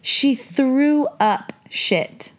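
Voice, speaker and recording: A woman co-hosting a casual chat, telling a story in an animated way and slowing down for emphasis. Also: high voice.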